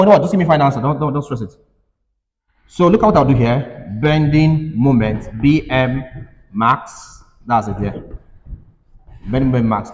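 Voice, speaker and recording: A man's voice: medium pitch, darkish tone, slight background noise. A male engineering lecturer teaching a classroom lecture, repeating himself and urging students to listen. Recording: reverberant hall.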